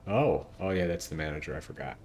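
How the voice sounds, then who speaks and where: A male streamer with a low voice chats and jokes through gameplay in a relaxed, playful way. Faint ambient noise sits behind him. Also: quick pace, creaky. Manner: chatty, playful, joking. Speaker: game streamer. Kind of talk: casual gameplay commentary.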